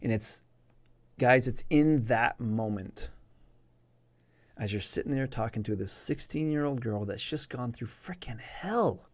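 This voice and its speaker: A man's voice: mid-range voice, unhurried, long pauses, no echo. A man telling a personal story on his live stream in an earnest, emphatic way, repeating words to drive them home.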